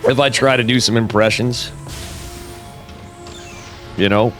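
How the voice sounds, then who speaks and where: A man's voice: mid-range voice, steady tone, measured pace, fairly bright tone, soft background music. A man with a cold giving casual, chatty live commentary on a strategy game, talking straight to his viewers with jokey asides. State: has a cold. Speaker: esports caster.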